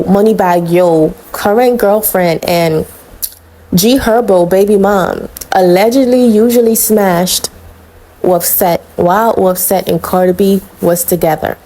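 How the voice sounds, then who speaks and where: A woman runs a celebrity gossip channel, talking straight to her viewers with sass and blunt opinions. Her voice is mellow and warm rather than bright, in a casual, chatty delivery. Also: mid-range voice, poor audio. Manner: sassy and blunt, calls viewers honey and girl.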